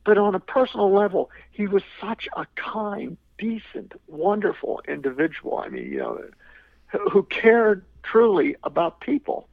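A man's voice: high-pitched, sing-song, unhurried, gravelly, dry recording. A man telling a story as a podcast guest, rambling with many restarts and repeated words. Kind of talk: anecdotal storytelling. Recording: tinny phone-like line, dry.

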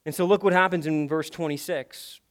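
Male pastor, high-pitched voice, emphatic sermon delivery with loud urgent swells and quiet intimate stretches, rhetorical questions. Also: fairly even intonation, moderate pace. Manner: emphatic, swings between loud urgent passages and hushed intimate ones; conversational asides and rhetorical questions.

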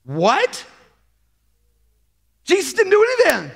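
A male pastor with a strikingly high voice preaches to his church with lively, swooping delivery. He talks with a lot of energy and slips into playful voices as he tells a story. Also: takes it slowly, creaky. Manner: animated, acts out playful quoted voices. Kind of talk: energetic sermon.

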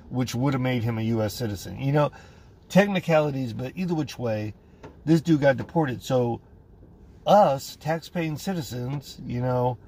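A man's voice: mid-range voice, darkish tone. A man hosting a podcast, telling a story in a casual, profane way and acting out other people's voices. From United States. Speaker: podcast host.

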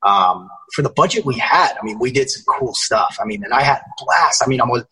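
A man's voice: medium pitch, lively intonation, fairly quick, bright, forceful tone, husky, poor audio. A young man guesting on a podcast, chatting casually and energetically, swearing and using lots of fillers. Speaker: actor guest.

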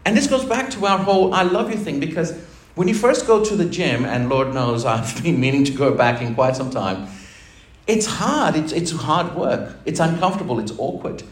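A man's voice: a little high, lively intonation, moderate pace. Chatty man preaching in church. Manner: chatty, jokey preaching with laughs. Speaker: pastor. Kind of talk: sermon. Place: church hall. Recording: roomy church recording with faint noise.

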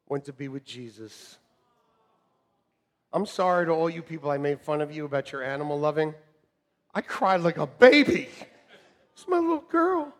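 A middle-aged man preaching a sermon to a congregation, joking and animated, swinging from shouts to quiet asides. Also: fairly high pitch. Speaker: pastor. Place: church hall with congregation. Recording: long reverb of a church hall.

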